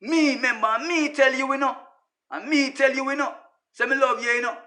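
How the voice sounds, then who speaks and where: Bright, high-voiced Jamaican man ranting. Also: fairly even intonation, brisk. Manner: emphatic, repetitive, addresses listeners as brother. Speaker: social media personality. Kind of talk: casual ranting monologue.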